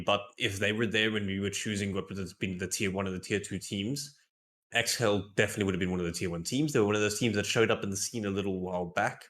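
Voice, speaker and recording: A man co-casting esports, walking through stats in a measured, wry way. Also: on the low side, fairly bright tone. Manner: measured, stat-focused, wry. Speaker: esports analyst co-caster. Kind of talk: pre-match stats analysis.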